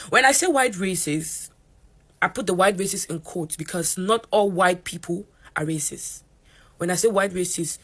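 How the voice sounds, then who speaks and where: A young woman from Africa, a college student, ranting to camera in an animated storytime. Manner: animated, voices quotes in a higher pitch.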